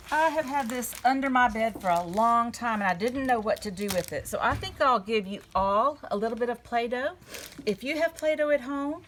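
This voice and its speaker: Gentle woman teaching children. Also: on the high side, slight background noise. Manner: gentle, storytelling, talks to young children. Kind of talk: children's lesson with props. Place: indoors at a table.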